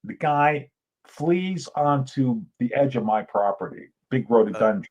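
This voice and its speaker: A middle-aged man telling a lively story as a guest on a podcast, acting out voices and shouting now and then. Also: medium pitch, unhurried, lo-fi sound. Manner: animated yarn-spinner, acts out Southern voices with shouts. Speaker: author and guest.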